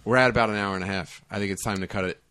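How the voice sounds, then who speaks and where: A man's voice: fairly low pitch, fairly even intonation, racing, sharp tone. A man hosting a podcast, cracking crude jokes and doing mocking impressions, swearing freely. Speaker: podcast host. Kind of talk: crude casual banter.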